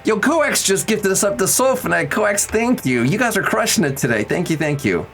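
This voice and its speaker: A man's voice: high voice, big pitch swings, moderate pace, gravelly, a bit bright, soft background music, low-quality recording. A young man streaming live, chatting playfully with viewers and counting out workout reps. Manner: playful, joking with chat, counting out exercise reps. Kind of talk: casual live-stream chat.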